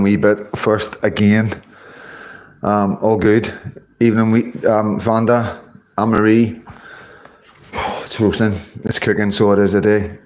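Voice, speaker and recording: Chatty man, lowish voice. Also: slight background noise. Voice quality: informal, uses local words. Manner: chatty, greets viewers one by one by name. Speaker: livestream host. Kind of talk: casual livestream chat.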